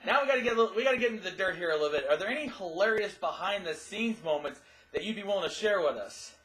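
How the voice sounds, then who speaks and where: A man's voice: sits high, expressive, racing, a bit bright, reverberant. A man acting as interviewer, asking casual questions in an eager, upbeat way.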